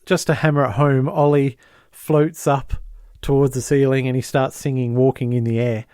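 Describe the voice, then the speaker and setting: A man co-hosting a podcast who recaps a sitcom episode in a casual, animated way and acts out the characters. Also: mid-range voice, moderate pace, smooth, no echo, clean studio sound. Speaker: podcast co-host.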